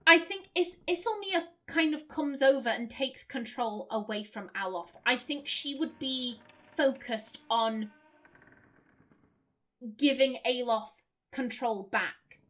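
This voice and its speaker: Woman, Lancashire accent, high-pitched, casual let's play commentary, rambling, restarts. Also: expressive, slow, fairly bright tone. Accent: Lancashire, softened toward standard British. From Lancashire, England. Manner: chatty, rambling, stumbling restarts, laughing asides. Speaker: game streamer.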